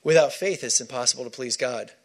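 A man's voice: mid-range voice, fairly quick. A man preaching a sermon, emphatic and repeating key phrases for stress.

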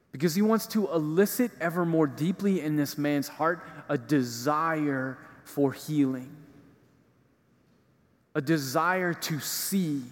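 A man's voice: on the high side, unhurried. A male preacher giving a conversational homily in a church, using casual fillers as he explains. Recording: reverberant hall.

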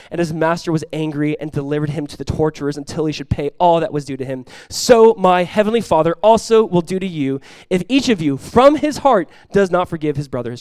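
A male pastor preaching a sermon, acting out the people in his Bible stories and swinging between loud emphasis and hushed lines. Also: a little high, no room sound.

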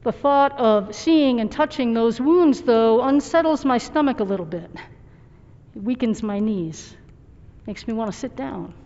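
A woman's voice: fairly high pitch, expressive, unhurried, warm tone. Earnest woman pastor in a reverberant hall. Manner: reflective, personal, earnest. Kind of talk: sermon. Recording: dull recording with long hall reverb.

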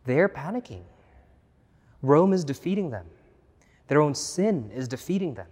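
A man's voice: a little high, sing-song, a little slow, slightly rough. Earnest preacher man in a reverberant hall. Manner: earnest, repeats key phrases, swings from hushed to loud. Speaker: pastor. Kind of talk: sermon. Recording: long reverb of a large hall.

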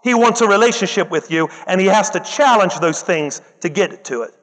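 A man preaching a lively sermon, acting out the people he quotes and breaking into loud bursts. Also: high voice, brisk. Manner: animated, acts out quoted voices, loud bursts. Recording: long hall reverb.

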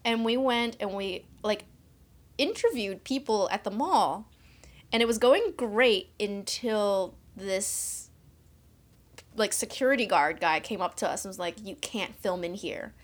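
A woman hosting a podcast, chatting in a relaxed way and laughing easily. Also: medium pitch, a little slow. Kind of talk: casual chat.

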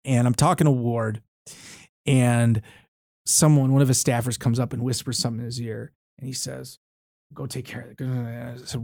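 A man's voice: medium pitch, fairly even intonation, normal speed, gravelly, darkish tone, dry recording. Dry-sounding man telling a story. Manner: tells anecdotes with frequent restarts and fillers. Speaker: university board chair and lawyer, guest. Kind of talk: casual storytelling interview. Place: studio.

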